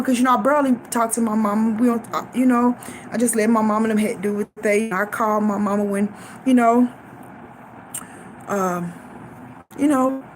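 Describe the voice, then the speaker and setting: A woman's voice: medium pitch, slight background noise. A middle-aged woman sharing a faith testimony, fervent and preaching, repeating phrases for emphasis.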